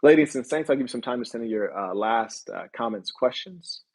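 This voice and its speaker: A man's voice: medium pitch, lively intonation, brisk, husky. A man hosting a livestream, talking in a blunt, brash and mocking way. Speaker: host. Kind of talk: livestream commentary.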